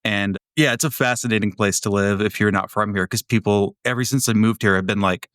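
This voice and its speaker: A man's voice: fairly low pitch, steady tone, fairly quick, few pauses, fairly bright tone, smooth, dry recording, clean studio sound. A man who grew up in Florida, co-hosting a podcast in casual chat, wry and rambling, with the odd swear. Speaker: podcast co-host.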